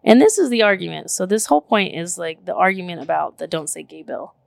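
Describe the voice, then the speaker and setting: A woman in her thirties telling a story in casual chat, animated and emphatic, full of "like" and the odd curse word. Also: lowish voice, fairly quick, vocal fry, no echo, clean studio sound. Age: 30s.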